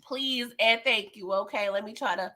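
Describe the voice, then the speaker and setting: A young adult woman hosting a casual live stream, animated and often laughing as she chats with viewers. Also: mid-range voice, moderate pace. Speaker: livestream host reviewing a TV episode.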